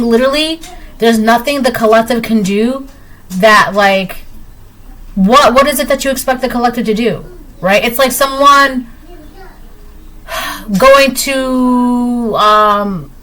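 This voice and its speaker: A woman's voice: a little high, a bit bright. A woman giving a collective tarot reading, talking straight to viewers in an emphatic, repetitive way. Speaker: tarot reader.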